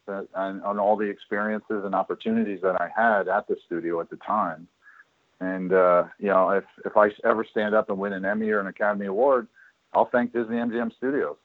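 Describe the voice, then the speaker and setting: A man's voice: on the low side, no room sound. A man telling stories as an interview guest about his years working at a studio, rambling with many fillers and restarts. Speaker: guest, former studio worker. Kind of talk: casual storytelling interview. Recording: tinny phone-like line.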